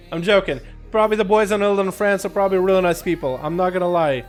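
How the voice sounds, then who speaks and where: Upbeat high-voiced American man streaming. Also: fast, hardly any pauses, faint music behind. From United States. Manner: energetic, chatty, jokey with viewers. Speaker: streamer and duel host. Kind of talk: live game commentary and chat.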